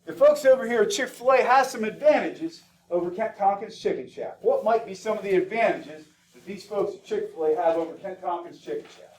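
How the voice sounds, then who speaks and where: A man with a high voice lectures a classroom, firing questions at his students and keeping things lively. He sounds set back from the mic, picked up from across the room. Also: a little fast, few pauses, far from the mic. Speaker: teacher.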